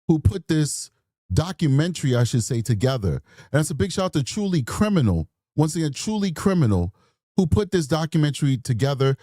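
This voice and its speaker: A man's voice: on the high side, warm tone, no echo, clean studio sound. A man hosting a true crime show in casual, rambling commentary, chatty with apologetic asides. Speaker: true crime podcast host.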